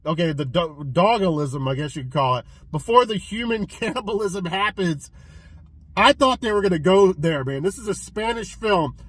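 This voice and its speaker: A man casually reviewing a film he watched, retelling the plot in an excitable, profane way with many restarts. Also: sits high, normal speed, breathy edge, dry recording, low-quality recording. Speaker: physical media collector reviewing films.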